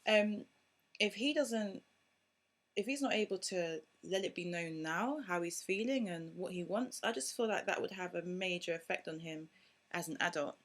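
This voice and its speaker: Young woman, casual vlog, outspoken, opinionated, lowish pitch. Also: normal speed, a bit bright. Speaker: parenting vlogger. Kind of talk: casual talk to camera.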